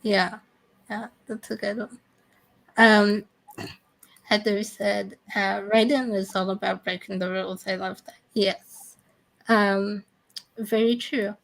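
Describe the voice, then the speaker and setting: A woman's voice: medium pitch, flat delivery, takes it slowly, vocal fry, long pauses, low-quality recording. A woman hosting an interview, rambling with many fillers as she responds to her guest. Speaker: interview host. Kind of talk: casual interview talk.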